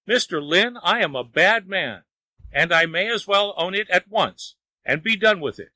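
A man's voice: high-pitched, animated, normal speed, bright, forceful tone, no room sound, voice pushed up, exaggerated voice. A man voicing a wailing, begging lazy man. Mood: pleading. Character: frantic itching lazy man, pleading.

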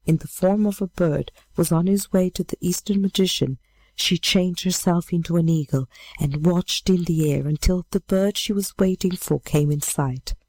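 A woman reading a fairy tale aloud in a measured, steady way. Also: deep voice, no room sound. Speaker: storyteller.

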